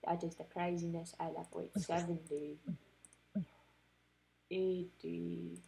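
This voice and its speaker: A woman giving casual commentary while playing a card game, excitable, talking to the cards and groaning or cheering at each turn. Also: fairly low pitch, takes it slowly, gravelly, a little hiss or hum. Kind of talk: casual let's-play commentary.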